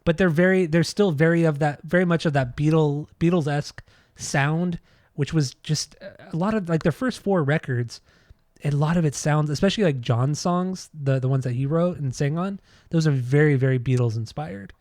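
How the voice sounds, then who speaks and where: A man's voice: fairly high pitch, moderate pace, a little mellow, dry recording, studio quality. An American man co-hosting a podcast in casual chat, rambling and trailing off when unsure. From United States. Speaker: podcast co-host.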